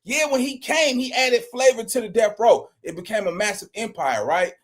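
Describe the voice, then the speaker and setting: A man with a fairly high voice talks straight to his viewers in loose, slangy commentary. He presses his points hard and keeps repeating and restarting his words. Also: moderate pace. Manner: emphatic, slangy, repeats himself. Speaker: reaction vlogger. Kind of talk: casual commentary.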